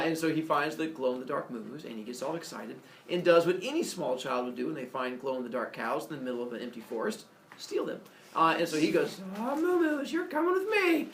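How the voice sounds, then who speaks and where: A man casually retelling a myth as a comedy story, animated, with jokey asides and lots of fillers. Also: fairly high pitch, a little hiss or hum. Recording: echoey room, mic far off.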